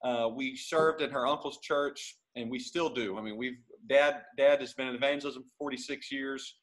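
Man, podcast guest, mid-pitched, jovial and rambling. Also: fairly even intonation, normal speed, fairly bright tone, rough recording. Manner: rambling, self-correcting, jovial. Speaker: podcast guest, gospel singer. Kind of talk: casual chat.

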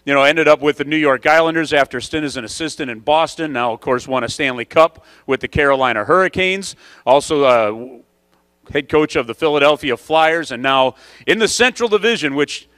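A man's voice: fairly high pitch, fairly quick, a bit bright, smooth, dry recording. A man emceeing a coaching conference, telling a story to the audience in a chatty, conversational way.

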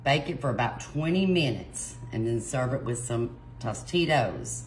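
A woman's voice: rumbling low, expressive, normal speed, a little hiss or hum. A woman cooking alongside the host, casually explaining each step as she stirs.

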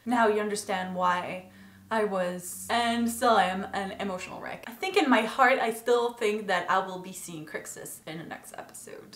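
A woman reviewing a TV episode in a casual vlog, talking in an emotional, gushing way. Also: medium pitch. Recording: echoey room.

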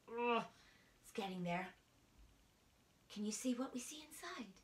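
A woman's voice: a little high, animated, unhurried, pushed and bright, slight background noise. A woman from Ireland leading a drama lesson for small children in a playful, coaxing way, often dropping to a whisper, filmed on a phone at home. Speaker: drama teacher. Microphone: phone camera. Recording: phone mic held at a distance.

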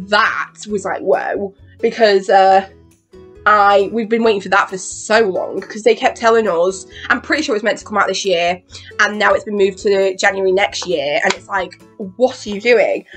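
Give me an excitable woman rambling through a get-ready-with-me vlog, voice at a middle pitch. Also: normal speed, soft background music. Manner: excitable, swears, acts out reactions. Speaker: beauty vlogger.

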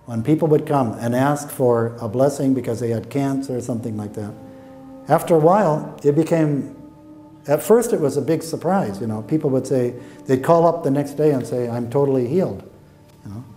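A man's voice: mid-range voice, moderate pace, warm tone, soft background music. A man in a documentary interview, earnestly reflecting on what he witnessed.

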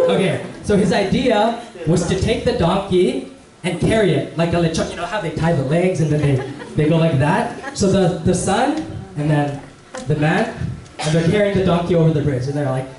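A young man giving a casual church message, telling a story in a relaxed, chatty way full of fillers. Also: on the high side, moderate pace, recorded from a distance. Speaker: preacher. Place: church hall. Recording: echoey church hall, faint room noise.

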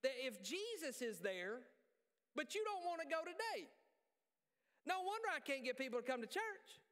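A male pastor preaching a sermon in a church, joking and animated, poking fun at himself. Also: very high voice, moderate pace. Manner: joking, animated, self-deprecating. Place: church sanctuary. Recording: reverberant church hall.

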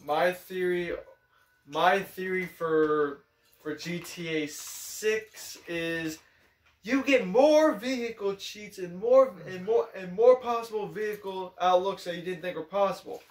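Eager young guy, slightly high voice. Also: slow pace. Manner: eager, hesitant, full of fillers. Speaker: video co-host. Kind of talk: casual gaming chat. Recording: echoey room.

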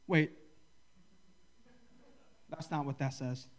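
A man's voice: high voice, fairly quick, fairly bright tone. A man preaching a sermon as a pastor, in a loose, conversational way, joking with and teasing his listeners. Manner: conversational, joking, ribs the audience.

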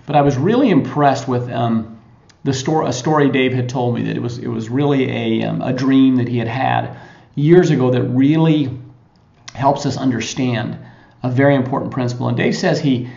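Guy hosting a motivational podcast, kinda gravelly, chatty and pausing a lot, muffled recording. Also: mid-range voice, mellow. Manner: conversational retelling with frequent pauses. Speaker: podcast host. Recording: echoey lo-fi recording.

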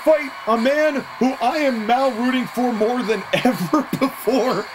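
A wrestling commentator calling the action play by play, excitable, openly taking sides, and quick to laugh. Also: mid-range voice, a loud crowd, low-quality recording.

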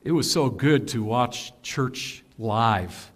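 Male pastor, mid-pitched voice, earnest, emphatic teaching sermon with casual asides. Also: takes it slowly, fairly bright tone.

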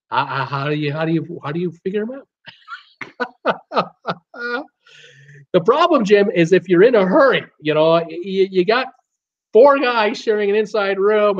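A man's voice: high voice, muffled recording. A man hosting a live stream, chatting casually, reading viewer comments aloud, joking and often breaking into laughter. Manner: laughs heavily, jokey, rambling with many restarts. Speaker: host of a live cruise Q&A stream.

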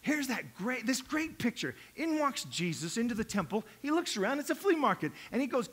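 Animated high-voiced male pastor preaching. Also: brisk, hardly any pauses. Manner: animated preaching that acts out quotes and swings from hushed to loud. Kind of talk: sermon.

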